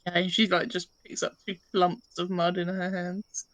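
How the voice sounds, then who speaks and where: A woman's voice: lowish voice, completely flat delivery, moderate pace, fairly bright tone, low-quality recording. A woman playing a tabletop game, giggly and playful as she describes her character's actions. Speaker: player.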